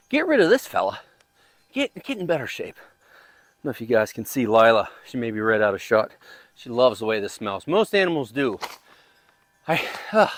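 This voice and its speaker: A man's voice: medium pitch, fairly bright tone, no echo. A man hosting a home gardening channel, chatting in a rambling, casual way as he works outdoors in his backyard garden. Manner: rambling, chatty, talks while digging. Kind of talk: casual chat.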